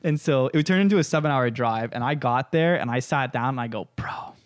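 A man's voice: mid-range voice, quick pace, smooth, no echo, clean studio sound. A young man from Canada hosting a podcast, telling a long story in casual chat, swearing freely, laughing often and acting out what people said. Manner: swears a lot, laughs often, acts out quotes. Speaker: podcast host.

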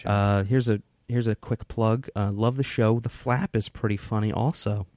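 A man's voice: lowish voice, fairly even intonation, moderate pace, darkish tone, no echo. A man co-hosting a casual podcast, reading out listener mail and laughing often. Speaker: podcast co-host. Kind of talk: casual chat.

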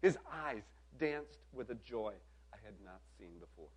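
A man preaching an earnest storytelling sermon, dropping to a soft low voice on key lines. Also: sing-song, a little slow.

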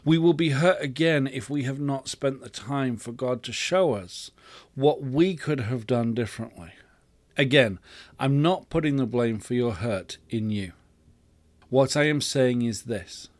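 A man's voice: mid-range voice, measured pace, dry recording. A man hosting a podcast, giving a reflective faith teaching in an earnest, storytelling way. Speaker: podcast host.

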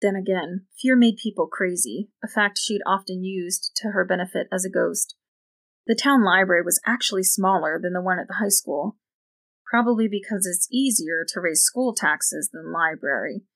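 A woman narrating a novel in an even, measured storytelling voice. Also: mid-range voice. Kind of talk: audiobook narration.

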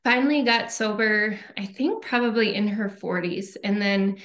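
A woman's voice: medium pitch, moderate pace, a bit bright. A woman from Minnesota with a Minnesotan accent, a podcast guest telling her family story in chatty fashion with frequent ums. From Minnesota, USA. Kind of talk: casual interview chat.

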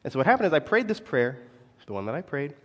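A young adult man and pastor telling a personal story in a sermon, animated, confessional and poking fun at himself. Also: fairly high pitch, quick pace. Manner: animated, confessional, self-mocking. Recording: long echo of a large hall.

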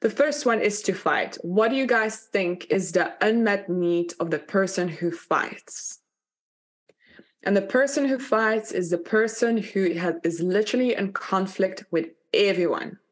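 A woman's voice: mid-range voice, unhurried. A woman leading a live online workshop, talking candidly and chattily, full of "like" fillers and blunt swearing. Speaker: workshop facilitator.

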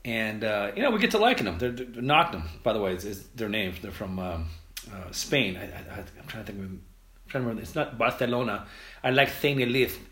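An American man hosting a podcast, talking casually and quickly, rambling with restarts and fillers. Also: lowish voice, very animated, fairly bright tone. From United States. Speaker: podcast host. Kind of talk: casual solo podcast monologue. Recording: roomy echo.

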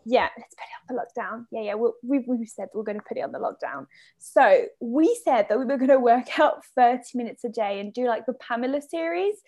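A woman's voice: a little high, a little fast, warm tone. A woman in her twenties co-hosting a chatty podcast, bubbly and theatrical, laughing often between lines. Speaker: podcast co-host. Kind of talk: casual chat.

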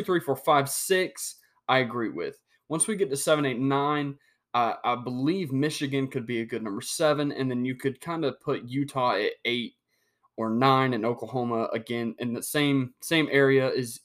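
A young man hosting a sports talk podcast, reading out rankings and ranting heatedly with sudden jumps in loudness. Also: medium pitch. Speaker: podcast host.

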